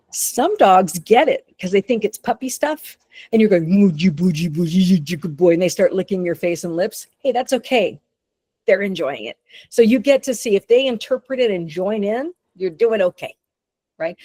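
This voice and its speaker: With a mellow, mid-range voice and a Texan accent, this woman presents a webinar on dog behavior, which is her consulting field. She keeps it conversational, frequently restarting sentences and voicing dogs' thoughts. The recording has no echo.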